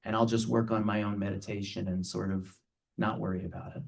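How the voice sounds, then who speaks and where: A man's voice: fairly low pitch, flat delivery, brisk, creaky, distant mic. A man giving a conversational spiritual talk to a live audience, playful and earnest, often checking in with a rhetorical "right?".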